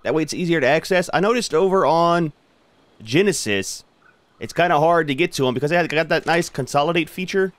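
A man's voice: on the high side, a little fast, no room sound. A man hosting a gaming channel, giving casual commentary as he plays and chatting to his creatures in a laid-back way.

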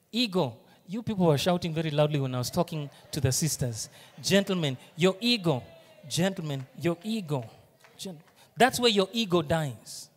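Kenyan male pastor, high voice, lively sermon delivery, echoing hall. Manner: animated preaching, shifts between hushed asides and loud emphasis. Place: church auditorium.

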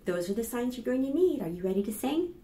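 A woman librarian leading a children's storytime, reading aloud in an animated, sing-song way and talking straight to young children. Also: on the high side, fast talker, echoey room, a little hiss or hum.

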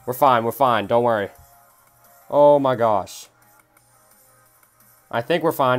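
This gaming streamer, a young adult man, talks slowly at a medium pitch over soft background music. Frustrated with the mobile game he's live-streaming, he swears at his phone and reads the chat out loud to reply.

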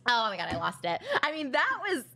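Fast, gushing young-sounding woman. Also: a little high, creaky. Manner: excitable, gushing, lots of "like". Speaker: podcast guest. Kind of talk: casual chat.

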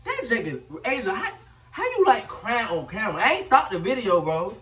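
A man's voice: sits high, huge pitch swings, moderate pace, distant mic. A young man teasing his partner and boasting during a spicy chip challenge, laughing and talking while his mouth burns. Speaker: vlogger. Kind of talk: casual teasing vlog banter. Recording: roomy sound from off-mic with loud background noise.

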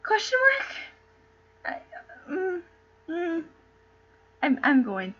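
Her voice is extremely high with big pitch swings and a slow delivery. Streaming herself reading a play and chatting casually, this woman is giggly and rambling, stumbling on names, and the sound is dull lo-fi stream quality.

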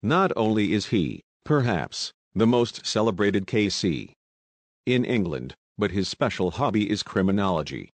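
Brief: bitter, excitable Russian plotter read by a man, low voice, urgent and reproachful, dry sound. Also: unhurried, no echo.

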